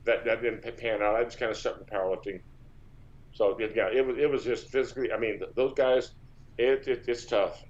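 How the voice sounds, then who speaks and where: Brief: male interview guest, mid-pitched, meandering storyteller, dull lo-fi audio. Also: steady tone, a little fast, a little mellow. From Texas. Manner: rambling, with many false starts and repeats. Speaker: powerlifter guest.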